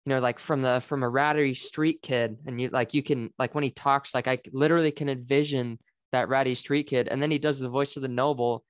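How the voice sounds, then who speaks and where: A man's voice: mid-range voice, steady tone, fairly quick, clean tone, no room sound, dull audio. A man co-hosting a podcast, talking enthusiastically about books in a rambling way with lots of filler words. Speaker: podcast co-host. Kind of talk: casual book discussion.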